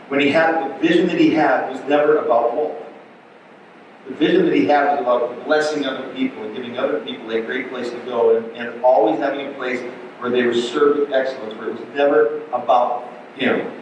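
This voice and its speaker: A middle-aged man preaching a sermon as pastor, animated and storytelling, with frequent restarts. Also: medium pitch, brisk, dull audio, slight background noise. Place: church sanctuary. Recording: very echoey church hall, distant mic.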